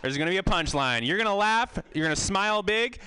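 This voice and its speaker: High, bright, goofy comedy emcee man. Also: lively intonation, quick pace, clear, resonant tone, no room sound. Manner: goofy, sarcastic banter. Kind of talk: introducing comedians.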